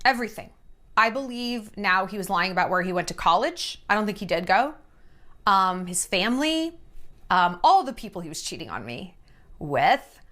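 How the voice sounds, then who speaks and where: A woman telling a personal story to camera in a candid, casual way, swearing freely and acting out the voices in quotes. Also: medium pitch. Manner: animated, acts out voices in quotes.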